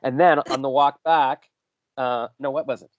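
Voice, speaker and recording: A man's voice: mid-range voice, steady tone, moderate pace, no room sound. A man hosting a podcast interview, telling long rambling stories and interrupting himself. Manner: rambling, self-interrupting storyteller. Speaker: podcast host. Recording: dull dry lo-fi sound.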